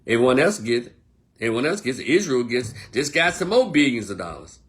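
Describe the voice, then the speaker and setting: A man delivering a blunt, profane monologue as an online commentator, swinging between loud outbursts and low, quieter stretches. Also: a little fast. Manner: blunt, profane, animated rant. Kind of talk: casual ranting monologue.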